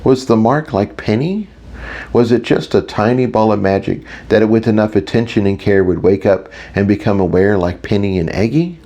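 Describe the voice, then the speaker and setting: A man with a very low, deep voice narrates a first-person audiobook. His delivery is wry and self-mocking, like someone talking through his own thoughts. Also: normal speed, dark tone, muffled recording.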